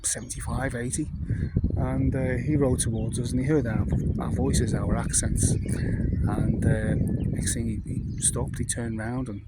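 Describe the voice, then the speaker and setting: A North Welsh man in his late fifties tells stories in a loose, meandering way, full of ums and asides. His voice sits at an ordinary middle pitch. The recording carries a clear layer of noise with birdsong behind him. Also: fairly even intonation, a little slow. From North Wales. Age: 50s. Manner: rambling, chatty, full of fillers. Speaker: vlogger. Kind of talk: casual anecdotal monologue.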